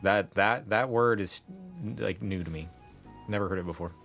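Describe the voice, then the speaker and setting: A man's voice: low-pitched, moderate pace, fairly bright tone, faint music behind. A young man casually commenting on a game he is streaming, laughing often and saying "like" a lot.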